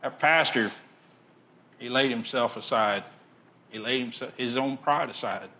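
A man preaching a sermon, conversational and direct, sometimes dropping his voice very low. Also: measured pace, bright, forceful tone. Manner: conversational preaching, drops to near-whisper at times. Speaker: pastor.

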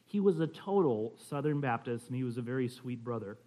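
A man's voice: mid-range voice, expressive, fairly quick, mellow. A man teaching a class on church history in a conversational way, telling stories and often checking in with his listeners. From California.

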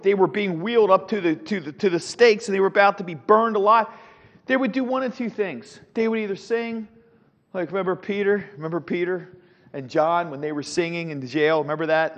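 A middle-aged man teaching a Sunday school class, animated, with rhetorical questions and frequent restarts. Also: high voice. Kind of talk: Bible teaching. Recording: dull lo-fi sound with long hall reverb.

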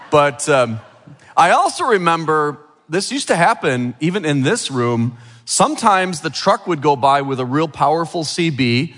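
A man's voice: on the high side, fairly bright tone, big-room sound. A middle-aged male pastor giving a sermon with a children's object lesson, chatty and full of questions to the room. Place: church sanctuary.

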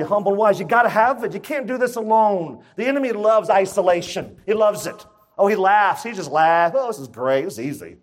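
A man preaching a sermon to his church in an emphatic, conversational way, full of rhetorical questions. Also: high-pitched. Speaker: pastor.

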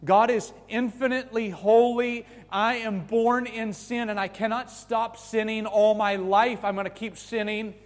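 A man preaches with insistent emphasis, his fairly high voice rising on key words and dropping to near hushes. The sermon rings out through a large hall with a long, lingering reverb. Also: level tone, measured pace, hardly any pauses. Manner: emphatic, swings from loud to hushed. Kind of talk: sermon to young people.

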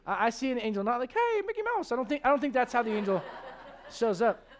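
High-voiced animated male pastor. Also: quick pace. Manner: animated, joking, acts out quoted voices. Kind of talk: sermon.

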